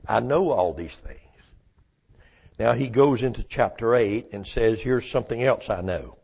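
A male preacher delivering a sermon, slow and emphatic, with dramatic pauses and rhetorical questions. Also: medium pitch, expressive, vocal fry, breathy edge, highs cut off.

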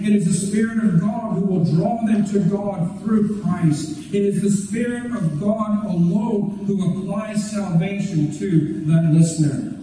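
Pastor, male, high and dark-toned, emphatic, repetitive preaching; distant mic in a very echoey hall. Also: slight background noise. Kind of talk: sermon. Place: church sanctuary.

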